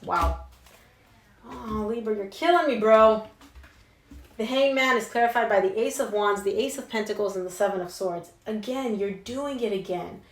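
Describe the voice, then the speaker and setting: A woman's voice: medium pitch, fairly quick, few pauses. Chatty woman tarot reader, roomy echo. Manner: chatty and emphatic, slangy asides. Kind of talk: casual tarot reading to camera.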